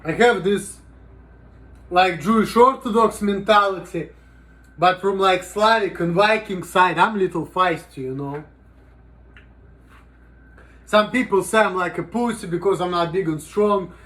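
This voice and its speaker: High-voiced man rambling in a vlog. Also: a little slow, long pauses, fairly bright tone. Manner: rambling, profane, heavy use of "you know". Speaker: vlogger. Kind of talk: casual vlog monologue.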